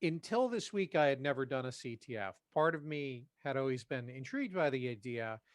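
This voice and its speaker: A man's voice: medium pitch, animated, brisk, no room sound, clean studio sound. A man co-hosting a podcast in casual chat, talking in a hesitant, self-deprecating way. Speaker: podcast co-host.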